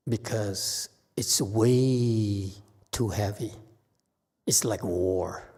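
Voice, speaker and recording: A man with a low voice gives an unhurried Buddhist Dharma talk, speaking very slowly. His delivery is halting, with frequent restarts and a questioning "okay?" tagged onto his points. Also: a little mellow. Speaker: Buddhist teacher. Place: temple hall.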